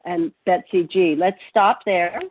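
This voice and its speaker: A woman's voice: lowish voice, steady tone, unhurried, no echo. A woman chairing an online recovery meeting in a friendly, apologetic, slightly flustered way. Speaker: meeting leader. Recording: tinny phone line with faint noise.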